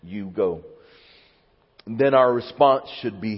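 A man preaching a sermon in a church, moving between quiet teaching and fervent, emotional pleas. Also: lowish voice, slow pace. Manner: builds to fervent, rising pleas, then drops to quiet teaching. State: near tears. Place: church sanctuary. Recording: dull sound with long hall reverb.

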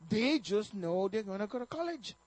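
Very high-voiced man preaching. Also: normal speed, low-quality recording. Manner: animated storytelling, chuckling, acting out quotes with stammers. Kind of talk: sermon on parenting told as a personal story.

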